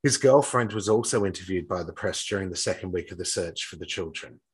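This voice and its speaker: A man with a low voice and breathy edge retells a true crime case from his notes, talking casually, fairly quickly, and often stumbling and restarting. He is not a native English speaker and says his English accent is poor. The recording quality is low.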